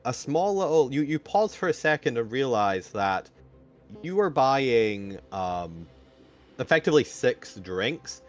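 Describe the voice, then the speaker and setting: A man's voice: medium pitch, very animated, a little slow, lo-fi sound, soft background music. A man narrating as game master of a tabletop game, rambling with many fillers and restarts.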